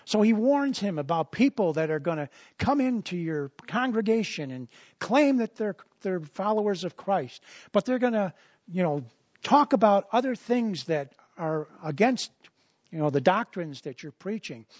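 A man's voice: high-pitched, sing-song, normal speed, darkish tone, dry recording, highs cut off. A man preaching a sermon as a pastor, in a conversational style full of repetitions and asides.

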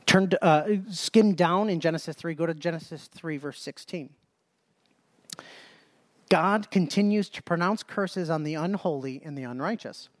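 A man's voice: a little high, moderate pace, no room sound. A man preaching a Bible study sermon in an emphatic way, often repeating phrases and restarting mid-sentence.

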